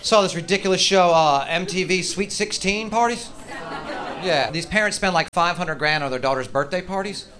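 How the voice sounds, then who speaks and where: A man's voice: high-pitched, moderate pace, a crowd in the background. A middle-aged man doing profane, ranting, self-mocking stand-up comedy in a live club set. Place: comedy stage.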